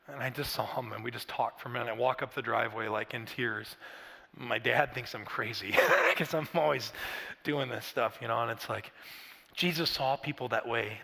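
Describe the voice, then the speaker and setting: A man's voice: on the high side, sharp tone, in a large hall. A middle-aged man preaching a sermon in a conversational, storytelling way with frequent restarts and asides. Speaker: pastor. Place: large church auditorium.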